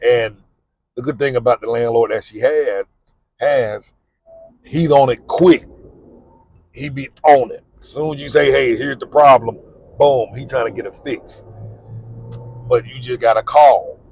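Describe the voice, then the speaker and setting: A man's voice: mid-range voice, a little slow, pauses often, a little mellow, slightly rough, low-quality recording. A middle-aged man gives candid, repetitive, plain-spoken advice about living abroad while he drives. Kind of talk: casual advice monologue while driving. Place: in a car.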